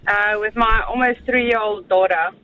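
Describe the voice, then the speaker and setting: A woman calling in to a radio show, speaking in a flat, low-key way. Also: moderate pace. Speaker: caller. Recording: dull phone line.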